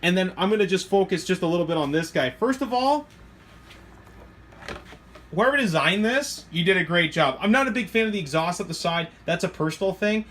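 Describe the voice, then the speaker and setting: An excitable middle-aged man with a slightly high voice, rambling through a casual product review. He gets carried away, and his voice leaps up when something thrills him. Faint room noise sits under his voice. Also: a little fast. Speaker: hobby shop owner reviewing RC trucks.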